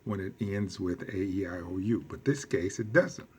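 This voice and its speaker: A man teaching a recorded lesson, speaking slowly, quizzing his class and repeating key phrases for emphasis. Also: sits low, a little hiss or hum. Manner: slow and deliberate, quizzing the class. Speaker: Spanish teacher.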